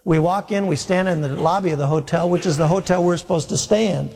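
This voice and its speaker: A man's voice: high voice, fast, gravelly, husky. A man preaching as a pastor, telling a long story with humor and acting out the dialogue himself. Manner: animated, self-mocking storyteller acting out dialogue. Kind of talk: sermon storytelling. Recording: long hall reverb.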